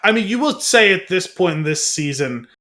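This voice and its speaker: A man's voice: high-pitched, big pitch swings, normal speed, pushed and bright. A man co-hosting a podcast in casual chat, rambling and hedging with lots of fillers. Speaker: podcast co-host.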